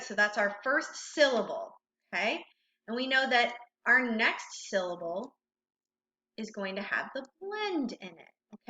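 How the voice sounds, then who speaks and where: A woman's voice: a little high, pushed and bright. A woman teaching a recorded phonics lesson, patiently asking questions and praising the learner. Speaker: reading teacher. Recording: roomy, slightly dull recording.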